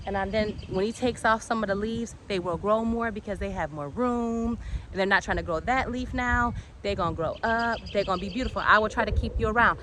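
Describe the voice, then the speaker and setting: A woman giving a casual walk-and-talk tour of her backyard garden. She talks in an excitable, chatty way and drifts off topic easily. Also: fairly high pitch. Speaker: home gardener and channel host. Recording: outdoor noise with birds and passing traffic.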